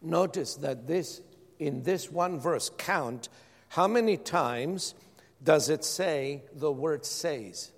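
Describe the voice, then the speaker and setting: Preaching pastor in a reverberant hall. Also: male voice, a little high, slow. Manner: preaching with calls to the congregation. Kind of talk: sermon.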